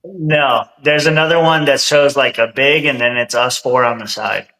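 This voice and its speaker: Co-host, man, bright voice, roomy echo, short blunt replies. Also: medium pitch, fairly even intonation, moderate pace. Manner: brief, blunt answers, swears. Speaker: podcast co-host. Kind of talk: casual political podcast chat. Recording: roomy room sound.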